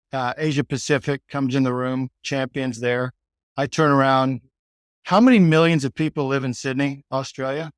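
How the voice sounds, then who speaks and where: A man's voice: mid-range voice, clean tone, no echo, studio quality. A man with a Texan accent, a podcast guest telling a story in a loose, rambling way full of "like" and "you know". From Texas, United States. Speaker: podcast guest, sales executive. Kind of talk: casual storytelling interview.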